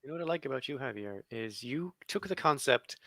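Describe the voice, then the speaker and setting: Sardonic bright-voiced man, dry sound. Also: mid-range voice, expressive, a little fast, creaky, dry recording. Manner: sardonic, wry teasing. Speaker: panel guest, podcaster. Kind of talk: panel debate.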